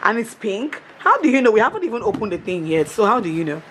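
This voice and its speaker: A woman's voice: mid-range voice, big pitch swings, fast talker, a bit bright, slight background noise. A woman, chatting casually to her vlog audience, gushing and laughing often. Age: 30s. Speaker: vlogger.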